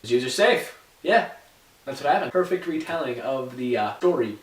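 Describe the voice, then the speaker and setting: Animated young man rambling through a joke story. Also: medium pitch, normal speed. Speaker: vlogger. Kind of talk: comic retelling. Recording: roomy, from far off the mic.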